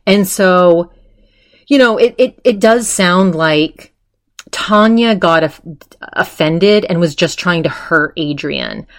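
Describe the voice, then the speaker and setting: A woman's voice: fairly low pitch, takes it slowly. A woman hosting a podcast, chatting casually as she retells a story, full of fillers and quoted voices. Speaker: podcast host.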